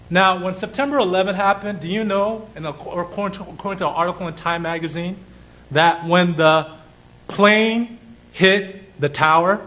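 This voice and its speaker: A man preaching a sermon, asking rhetorical questions, reading scripture aloud and pausing for effect. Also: on the high side, bright, forceful tone, low-quality recording.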